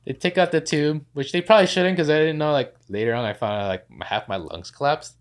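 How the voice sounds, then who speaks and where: A young man as a podcast guest, telling his story in a casual, animated way and acting out quoted voices. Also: a little high, fast. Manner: animated, acts out quoted voices, many fillers like "like".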